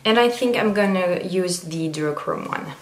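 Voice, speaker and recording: A woman chatting casually through a makeup tutorial, meandering and filling pauses with ums. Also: on the low side. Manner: chatty, meandering, frequent fillers. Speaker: beauty vlogger. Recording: roomy echo.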